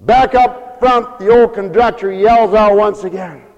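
A man preacher telling a story as a sermon, animated and emphatic. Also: high voice, measured pace, in a large hall, lo-fi sound.

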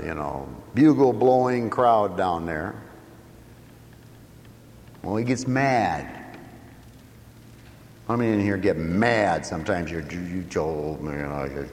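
A man's voice: low voice, slow, pauses often. A man preaching a sermon in a folksy, joking manner, often asking the congregation questions. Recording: long hall reverb.

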